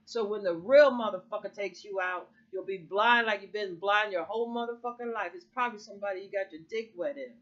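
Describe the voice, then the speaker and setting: A woman's voice: medium pitch, a little fast, hardly any pauses, a bit bright. Middle aged woman ranting n cussing, all over the place, dull muffled sound. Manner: profane, rambling, heated. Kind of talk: casual political rant to camera. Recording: muffled lo-fi recording.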